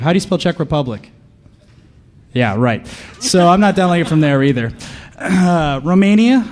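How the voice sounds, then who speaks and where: A man giving a comedic conference talk, deadpan and sarcastic, bantering with the audience from the stage. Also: a little high, a little hiss or hum. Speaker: conference speaker.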